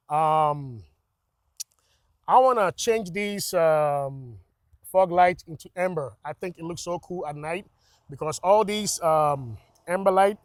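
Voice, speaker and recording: Guy not in rambling about his truck mods outside, slightly high voice, dry sound. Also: no room sound. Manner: rambling, repeats words and restarts, excited about mods. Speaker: truck vlogger. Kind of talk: casual walkaround commentary. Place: outdoors beside a pickup truck.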